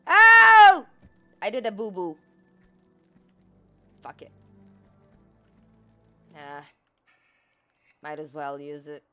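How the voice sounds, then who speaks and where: A woman's voice: low-pitched, slow, pauses often, darkish tone, soft background music. A woman giving casual, chatty gameplay commentary, talking to the on-screen character and swearing freely. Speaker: gaming streamer.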